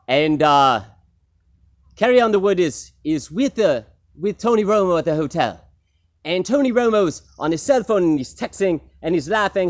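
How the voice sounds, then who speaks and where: A man's voice: sits high, expressive, a little slow, pauses often. A young man telling a rambling, improvised comic story at a talent show, with many fillers.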